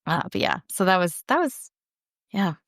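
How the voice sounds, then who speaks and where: A woman's voice: lowish voice, big pitch swings, moderate pace, fairly bright tone, no room sound, studio quality. A young adult woman, an audiobook narrator, chatting casually in an interview and rambling with lots of fillers. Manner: rambling, lots of fillers, self-deprecating laughs.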